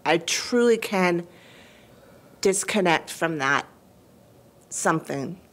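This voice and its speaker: A woman calling in to a radio show, crying as she talks in a halting, emotional way with many restarts. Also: on the low side, lively intonation, a bit bright. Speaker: caller. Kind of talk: call-in conversation.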